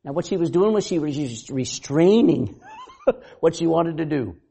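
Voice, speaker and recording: A male pastor preaching a sermon in a high, mellow voice that swings widely in pitch. He quizzes the congregation, laughs often and acts out the voices he quotes. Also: measured pace, creaky, breathy edge. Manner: animated, asks the congregation questions.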